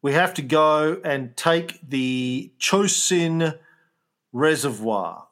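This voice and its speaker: A man's voice: a little high, animated, very slow, a bit bright. A man co-hosting a casual history podcast, reading documents aloud with jokey asides. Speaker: podcast co-host.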